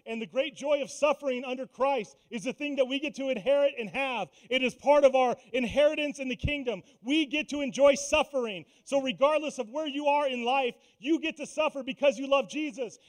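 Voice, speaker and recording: Man, high voice, pastor, conversational sermon, self-deprecating jokes, church setting. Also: fairly quick, few pauses. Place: church sanctuary.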